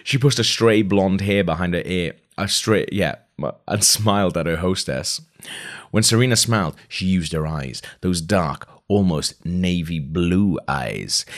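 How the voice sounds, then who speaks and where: A man's voice: low-pitched, lively intonation, normal speed. A man casually reading a novel aloud, chatty and amused, breaking off to react to the story. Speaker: reader of a novel. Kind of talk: casual read-aloud with asides.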